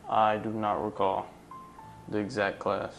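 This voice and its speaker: A young man with a very deep voice answers questions in short, guarded replies. He speaks in a flat, even tone. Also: a little slow, creaky, soft background music. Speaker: interviewee being questioned.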